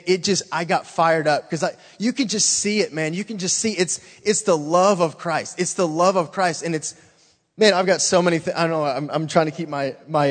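A man giving an informal, earnest testimony to a church congregation, excitedly urging them on and filling his talk with "man". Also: on the high side, big-room sound.

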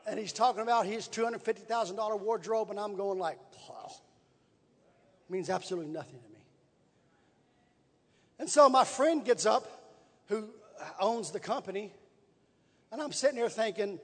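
A man's voice: high voice, moderate pace, long pauses. A man preaching, telling a folksy story with repetition and building emphasis. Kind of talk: sermon storytelling. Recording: long reverb in a large hall.

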